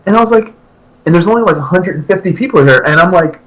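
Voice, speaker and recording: A man in his thirties, a podcast co-host, telling a long story in casual chat and acting out his own excited remarks. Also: high-pitched, quick pace, rough recording. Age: 30s. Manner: animated, jumps into loud excited quoted voices.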